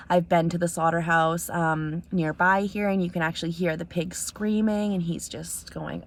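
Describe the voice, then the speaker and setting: A woman's voice: on the low side, level tone, normal speed, hardly any pauses. A young woman from Canada telling a story in a casual vlog, earnest, with many ums, acting out both sides of a conversation. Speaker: vlogger. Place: outdoors in snow.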